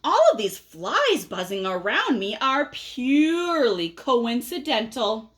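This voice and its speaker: A fussy little pigeon, as a woman reading aloud puts him on, whining through one excuse after another in a high, swooping voice. He stretches his complaints out slowly, sulky and stubborn about his bath. It sounds like a picture book read to children. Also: big pitch swings, a bit bright, full character voice. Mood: stubborn, grumpy. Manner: whiny, drawn-out excuses. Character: stubborn grumpy young male pigeon avoiding a bath.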